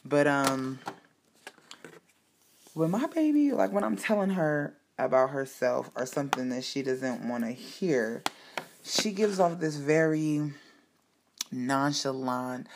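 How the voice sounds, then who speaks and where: A woman casually telling a personal story to her listeners, candid and profane, animated and emphatic. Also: a bass voice, slow pace. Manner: speaks to listeners directly. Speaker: storyteller sharing personal life.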